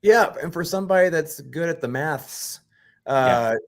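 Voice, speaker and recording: A man's voice: on the high side, a little slow. A man co-hosting a podcast in casual chat, giving opinionated, analytical takes on a reality show. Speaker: podcast co-host.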